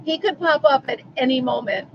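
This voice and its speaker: A woman's voice: sits high, lively intonation, a little fast, muffled recording, a little hiss or hum. A woman hosting a casual live stream from home, chatting and answering viewers by name. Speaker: livestream host.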